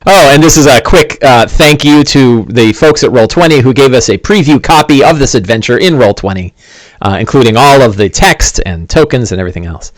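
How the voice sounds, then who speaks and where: A man narrating a tabletop fantasy game as game master, telling the scene in an animated way with fillers and asides. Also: mid-range voice, a little fast, no room sound.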